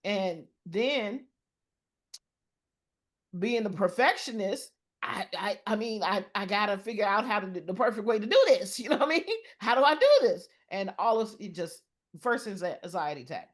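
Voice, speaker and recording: This middle-aged woman, a guest on a podcast, has a medium-pitched, expressive voice. She discusses mental health earnestly and personally, pausing often and beginning her sentences again.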